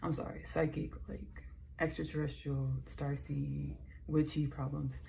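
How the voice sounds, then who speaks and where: A woman's voice: low-pitched, flat delivery, unhurried, creaky, mellow. A Texan woman rambling casually in a vlog, playful and chatty with lots of asides. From Texas. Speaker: vlogger.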